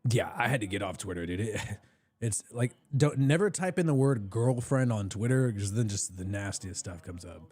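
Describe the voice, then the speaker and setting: A man hosting a live draft reaction stream, talking casually and rambling with lots of restarts, his voice a bit hoarse. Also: fairly low pitch, animated, moderate pace, darkish tone. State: slightly hoarse.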